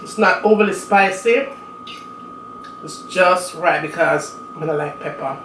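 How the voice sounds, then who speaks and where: A woman's voice: lowish voice, a little slow. A woman from Jamaica with a strong Jamaican accent, chatting casually with viewers while she eats on her cooking channel. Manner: chatty, talks between bites. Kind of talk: casual chat while eating. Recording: roomy echo, mic at a distance, faint room noise.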